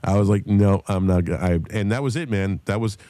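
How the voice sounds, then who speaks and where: Animated, foul-mouthed man. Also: on the low side, brisk, no room sound. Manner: animated storyteller, shouts when acting out others. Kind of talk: profane casual storytelling.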